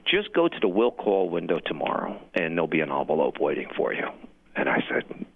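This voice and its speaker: A middle-aged man calling in on a crackly, tinny phone line, his low voice gravelly with fry. He rambles through a long story with repeated words and gets emotional along the way. He is from New Jersey. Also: very animated, fast. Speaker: caller.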